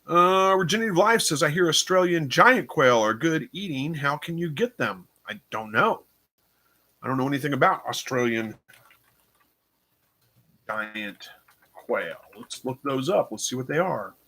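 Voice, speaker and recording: Bright-voiced man hosting a live chat. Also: fairly high pitch, lively intonation, measured pace. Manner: rambling, unsure, thinking aloud with fillers. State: tired, yawning. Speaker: livestream host. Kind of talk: casual live chat reading viewer comments.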